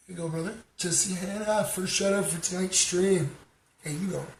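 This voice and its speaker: A man from Canada hosting a livestream, chatting casually and giving shout-outs to viewers, rambling with many fillers. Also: high-pitched, fairly even intonation, normal speed. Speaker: livestream host. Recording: roomy sound with background noise.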